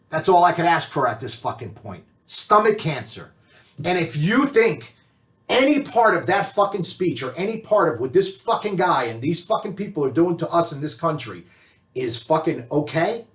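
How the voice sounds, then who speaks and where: A man's voice: on the high side, sing-song, moderate pace. Angry older man ranting in a roomy space. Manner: angry, profane, heated. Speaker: biker author vlogger. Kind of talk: ranting monologue. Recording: roomy echo.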